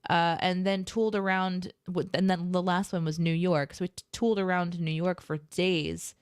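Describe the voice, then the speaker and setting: A woman's voice: fairly low pitch, steady tone, normal speed, clear, resonant tone, dry recording, studio quality. A woman co-hosting a live stream, chatting in a rambling, easygoing way. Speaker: co-host. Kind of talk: casual live-stream chat.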